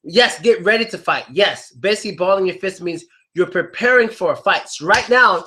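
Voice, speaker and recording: Animated, joking man teaching idioms. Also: moderate pace. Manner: joking, animated, acts out quotes in loud high voices. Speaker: English teacher. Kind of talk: lively idiom lesson to a live class.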